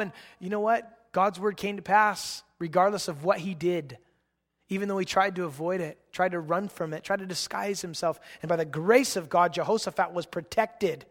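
Animated high-voiced preacher in a reverberant hall. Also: male voice, moderate pace. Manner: animated, excitable, acting out biblical characters. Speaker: pastor. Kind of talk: sermon.

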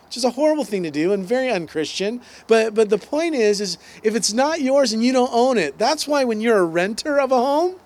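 A man's voice: very high voice, animated, a little fast, hardly any pauses, a little mellow. A man, preaching a conversational sermon with asides and acted-out quotes. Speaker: pastor.

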